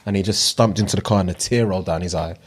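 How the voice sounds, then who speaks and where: A young man co-hosting a podcast, mostly reacting with short replies and quick questions. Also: low voice. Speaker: podcast co-host. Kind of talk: casual chat.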